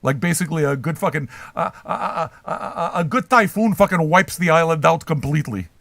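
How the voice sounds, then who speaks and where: A man's voice: on the high side, fairly quick, creaky, fairly bright tone, no echo. An older man hosting a livestream, chatting with his viewers in a profane, trolling, rambling way. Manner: brash, trolling, swears constantly. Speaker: livestream host reacting to chat.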